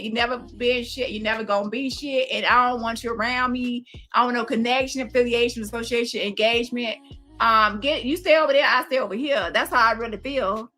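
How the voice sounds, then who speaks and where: High, bright-voiced woman ranting. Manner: profane, confrontational, calls out. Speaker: commentary host. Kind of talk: heated commentary rant.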